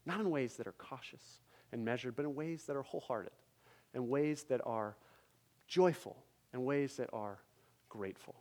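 A man's voice: mid-range voice, moderate pace, a little mellow. A male pastor preaching a sermon at a church service, emphatic, with repeated phrases and rhetorical questions to the congregation.

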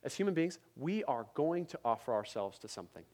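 A man's voice: mid-range voice, very animated, fairly quick, warm tone. A male pastor preaching a sermon at a church service, emphatic, with repeated phrases and rhetorical questions to the congregation.

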